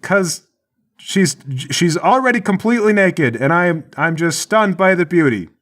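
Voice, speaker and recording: A man's voice: high-pitched, animated, measured pace, fairly bright tone, pitched above the performer's own voice. A man voicing a dim, flustered male prison guard who stammers, in a tabletop game.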